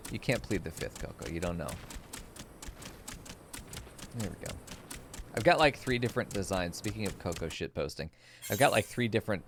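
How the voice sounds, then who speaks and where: A man's voice: deep voice, creaky, background noise. A man streaming a game, joking crudely and laughing often in casual commentary.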